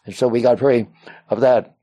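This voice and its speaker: A man with a mellow, warm voice tells a personal story in an interview, circling back with restarts and "uh"s. He slips into the voices of other people as he quotes them. The sound is close and dry, with no room around it. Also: mid-range voice, steady tone, moderate pace, dry recording. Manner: rambling, with frequent restarts and "uh" fillers. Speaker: interview guest.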